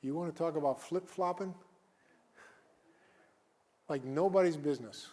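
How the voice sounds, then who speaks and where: A man preaching a sermon as a guest pastor, reading scripture and then talking plainly to the congregation, rising at times to shouted cries. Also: on the high side. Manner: reads scripture slowly, then talks conversationally and rises to shouted cries. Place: church sanctuary.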